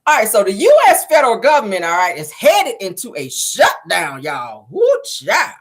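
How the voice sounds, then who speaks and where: A woman hosting a casual gossip show, sassy and animated, calling her listeners child and honey. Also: medium pitch, moderate pace, breathy edge. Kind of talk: casual celebrity gossip commentary.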